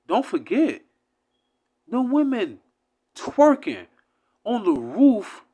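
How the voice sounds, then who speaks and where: A man giving an impassioned, profane religious rant, swinging between loud outbursts and low mutters. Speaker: religious commentator.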